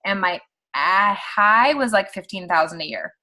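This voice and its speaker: A woman in her thirties giving a casual, animated pep talk to her team on a video call. She talks quickly and fills her speech with "like.". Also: medium pitch. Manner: chatty and animated, heavy use of "like". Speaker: team leader on a sales call.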